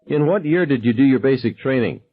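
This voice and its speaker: A man voicing a frantic teenage gunman who shrieks his questions in high, shrill bursts. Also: lively intonation, a little fast, close to an everyday voice. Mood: shrill, menacing. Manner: high, shrill interrogating shouts. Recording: dull lo-fi sound.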